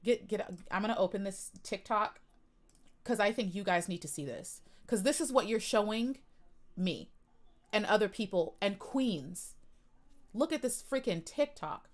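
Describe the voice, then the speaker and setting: An upset young woman on a live stream, pouring out an impassioned rant to her viewers at a desk mic. She talks in a middle-pitched voice, near tears, with sudden swells and drops and a habit of repeating herself. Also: expressive, unhurried. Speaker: pageant commentary streamer.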